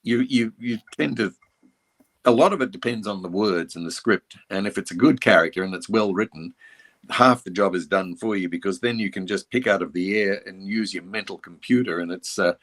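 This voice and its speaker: Older Australian man with a lowish voice. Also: moderate pace, fairly bright tone. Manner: reflective and anecdotal, with frequent restarts. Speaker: voice actor guest. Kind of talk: casual interview chat.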